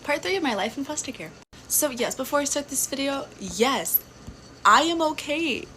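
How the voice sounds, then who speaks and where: A woman's voice: sits high, lively intonation, moderate pace, bright, forceful tone, a little hiss or hum, rough recording. Blunt, sassy young woman. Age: 20s. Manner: sassy, blunt, swears freely. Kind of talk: casual storytime vlog.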